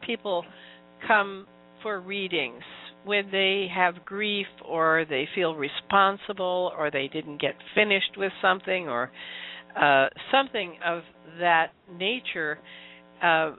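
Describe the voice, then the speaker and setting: An interviewer posing long, reflective questions in a casual interview. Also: mid-range voice. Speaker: interviewer, host. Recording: tinny phone-like audio with faint music.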